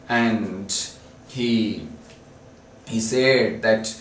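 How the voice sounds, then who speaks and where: Halting man retelling a novel. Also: medium pitch, a bit bright, slight background noise. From India. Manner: halting, with frequent restarts. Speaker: literature lecturer. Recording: roomy, distant mic, faint ambience.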